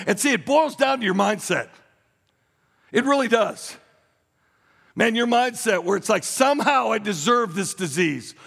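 Gravelly preacher man in a reverberant hall. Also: high voice. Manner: preaching with sudden shouts and sung phrases. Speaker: pastor. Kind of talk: sermon. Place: church sanctuary. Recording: long hall reverb with faint music.

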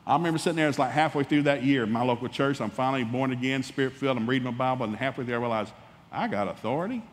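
A man preaching a sermon in a folksy, animated, humorous way, acting out little dialogues as he goes. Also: medium pitch, racing, big-room sound. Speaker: pastor.

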